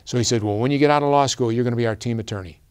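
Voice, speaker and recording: A middle-aged man telling a personal story in a presentation, earnest and halting, with many fillers and restarts. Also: medium pitch, darkish tone, smooth. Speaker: guest speaker.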